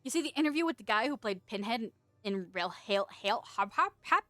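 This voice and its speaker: A woman streaming as a VTuber, chatting casually with viewers, playful and quick to laugh, with casual swearing. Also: a little high, lively intonation, fairly bright tone, no room sound, faint music behind. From United States. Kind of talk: casual chat reading viewer messages.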